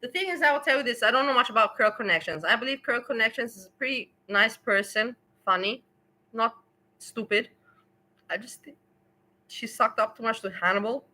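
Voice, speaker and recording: A woman's voice: a little high, fairly quick, bright, forceful tone, low-quality recording. A woman who speaks English as a second language, giving blunt, rambling opinions while livestreaming. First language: not English. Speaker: streamer. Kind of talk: casual livestream commentary.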